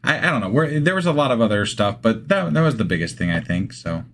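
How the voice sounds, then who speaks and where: A man co-hosts a loose, casual podcast, his voice swinging widely up and down. He talks in halting, stop-start phrases and swears offhandedly. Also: medium pitch, sing-song, fairly bright tone. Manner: hesitant, full of fillers and restarts, swears. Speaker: podcast co-host. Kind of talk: casual banter.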